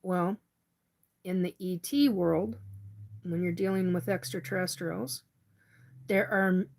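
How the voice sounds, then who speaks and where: A woman's voice: on the low side, fairly even intonation, slow, creaky, a little mellow. A woman hosting a live stream, chatting casually and reading out viewer comments, cursing freely when riled. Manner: chatty, swears when angry.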